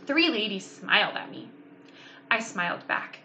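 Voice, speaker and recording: A woman reading a children's book aloud in an expressive, animated way, with casual asides. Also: medium pitch, unhurried, muffled recording. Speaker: reader.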